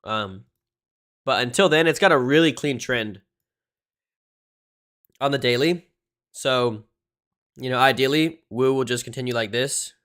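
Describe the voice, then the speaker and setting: A man's voice: mid-range voice, unhurried, pauses often, fairly bright tone. Casual swearing man hosting a crypto stream. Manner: casual, swears often, says "dude" and "um" a lot. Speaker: crypto livestream host. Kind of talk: casual livestream chart analysis.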